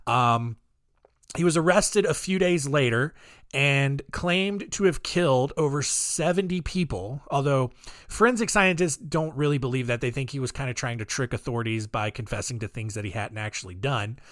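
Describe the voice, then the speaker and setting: A man's voice: medium pitch, moderate pace, fairly bright tone, dry recording, clean studio sound. A man hosting a podcast, telling true-crime stories in a casual, jokey, rambling way with lots of "um"s and asides. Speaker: podcast host.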